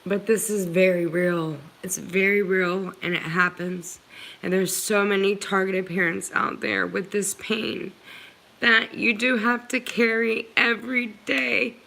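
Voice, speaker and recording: Slow, gravelly-voiced woman live-streamer. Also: medium pitch, little pitch movement, pushed and bright, low-quality recording. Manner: earnest and pleading, addresses viewers directly. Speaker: livestream host answering viewers. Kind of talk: earnest live-stream talk.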